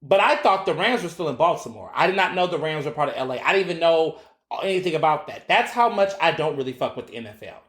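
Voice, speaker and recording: A man hosting his own podcast, giving casual, animated solo commentary with profanity and acted-out quotes. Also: fairly high pitch, quick pace. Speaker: podcast host. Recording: roomy echo.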